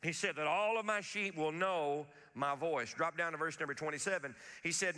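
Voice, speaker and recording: A man with a high, very bright voice preaches a sermon, repeating words as he restarts his thoughts and slowing down for scripture. His voice rings out through a long hall reverb. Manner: repetitive restarts, emphatic preaching, quotes scripture slowly. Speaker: pastor.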